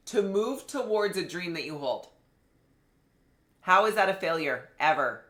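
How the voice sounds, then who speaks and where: A woman business coach teaching a live online masterclass, talking in an animated, conversational way and speaking straight to her viewers. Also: fairly low pitch, measured pace, pauses often, echoey room.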